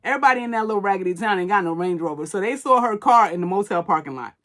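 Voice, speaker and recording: A woman hosting a podcast, recapping a movie in animated, casual storytelling full of slang and profanity. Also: medium pitch, very fast. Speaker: podcast host.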